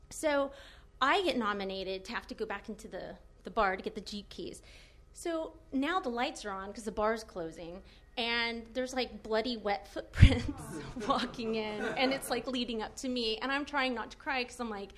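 A young adult woman telling a funny personal story in a casual, animated way, laughing often and filling with "like". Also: a little high, unhurried.

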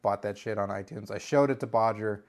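A man telling a story on a podcast in a casual, animated way, swearing freely and breaking into loud exclamations. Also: fairly low pitch, brisk.

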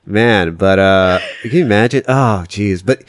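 A young man hosting a casual chat, excitable and rambling, quick to laugh. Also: fairly low pitch, a little hiss or hum.

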